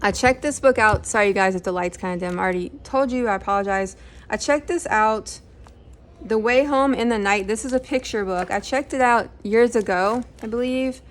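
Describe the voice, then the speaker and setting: A woman's voice: medium pitch, fairly quick. A middle-aged woman casually talking through books she has read, rambling with lots of fillers and self-corrections. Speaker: book channel host. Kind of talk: casual book review chat.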